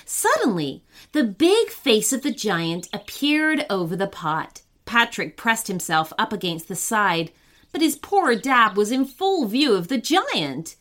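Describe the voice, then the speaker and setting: A woman narrating a children's story in an expressive, unhurried way. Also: a little high.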